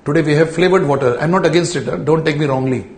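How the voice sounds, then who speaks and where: In an echoey indoor room, a man talks to a camera in a slightly high voice and at a brisk pace. His recorded lecture leans on rhetorical questions and repeated key phrases to get ideas across.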